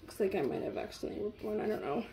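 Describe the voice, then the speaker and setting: A young woman talking casually to her viewers at home, chatty and gushing as she shows off her finds. Her voice sits at a middle pitch for a woman. Faint hiss runs under it from a camera mic a few feet away. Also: expressive, very fast. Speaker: vlogger. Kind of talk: casual try-on haul chat.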